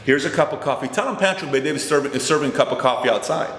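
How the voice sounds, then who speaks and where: A man's voice: mid-range voice, rapid-fire, fairly bright tone. A man hosting a motivational talk, telling a personal story and acting out both sides of its conversations. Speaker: host. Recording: roomy hall with long reverb.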